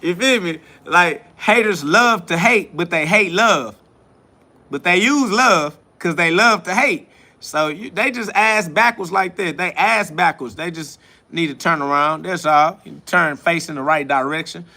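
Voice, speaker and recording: This livestream host has a high, bright voice with a forceful tone, and he takes his time. Answering comments from chat, he rambles on, swearing, preaching and mocking as he goes.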